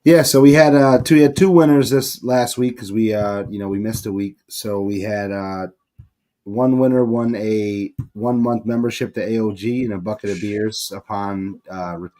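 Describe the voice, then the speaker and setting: A man hosting a sports podcast and running through contest details, steady with frequent filler sounds. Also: fairly low pitch, moderate pace.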